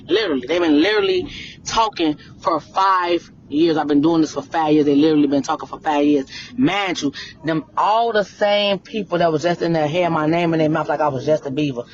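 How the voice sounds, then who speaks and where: A woman's voice: sits low, expressive, a little fast, lo-fi sound, a crowd in the background. A woman venting on a livestream, blunt and confrontational, repeating her points again and again. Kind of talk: heated livestream rant.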